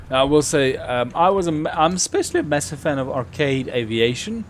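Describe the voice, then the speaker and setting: A young man talks his way through a live game stream in a lively, bouncing voice, rambling casually between sudden excited yelps. A faint hum of noise sits behind him. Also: fairly high pitch, moderate pace. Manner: chatty, with sudden excited outbursts. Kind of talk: live gameplay commentary.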